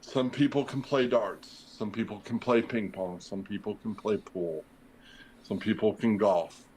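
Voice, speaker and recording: A man's voice: fairly low pitch, measured pace, a little mellow, a little hiss or hum, rough recording. A middle-aged man, a former firefighter and podcast guest, telling a long story in a casual, rambling way, acting out the dialogue with plenty of fillers. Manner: rambling, acts out quoted dialogue, many fillers.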